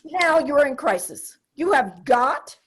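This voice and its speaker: Older woman, solo comic monologist; high, very animated pitch, wry and confiding, punchy asides. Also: slow pace. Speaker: solo theater performer. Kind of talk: comedic solo stage monologue.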